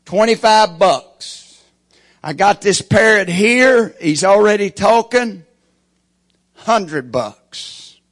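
A woman's voice: mid-range voice, animated, very slow, voice pushed up. A preacher voicing a plain-spoken female pet store clerk in a joke, delivered matter-of-fact.

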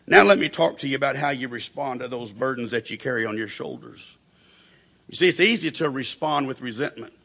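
Man, preacher, sermon, storytelling, acts out quotes, husky, tense tone. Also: mid-range voice, expressive, brisk, sharp tone.

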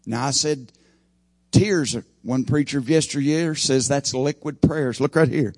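Brief: male preacher, mid-pitched, dramatic rises and quiet drops, dry close sound. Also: measured pace, dry recording. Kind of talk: sermon.

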